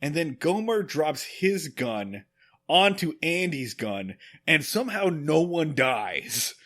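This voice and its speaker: Animated man with a bright voice. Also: fairly high pitch, slow. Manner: animated storytelling with acted quotes and laughs. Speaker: podcast co-host. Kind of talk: casual chat recapping an episode.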